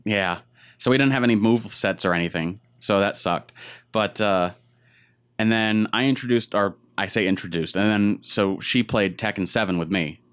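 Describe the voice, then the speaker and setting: A man with a fairly low, clean and resonant voice hosts a loose gaming chat. He rambles through his anecdotes and acts out what other people said along the way. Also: moderate pace, fairly bright tone, clean tone. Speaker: podcast co-host.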